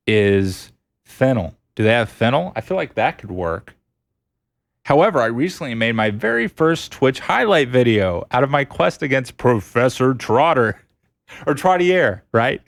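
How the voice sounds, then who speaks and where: A man's voice: medium pitch, no room sound. A man streaming a platform game, chatting casually with his viewers and laughing often. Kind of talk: casual gameplay chat with chat readers.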